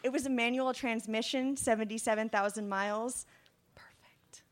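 A young woman in her twenties telling a personal story to an audience, lively, dropping into hushed whispered asides. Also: fairly high pitch, brisk.

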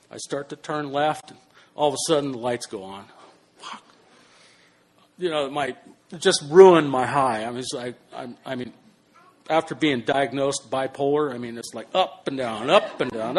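Brief: older male storyteller, mid-pitched, animated delivery that drops to hushed and bursts loud, casual swearing. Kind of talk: spoken personal anecdote.

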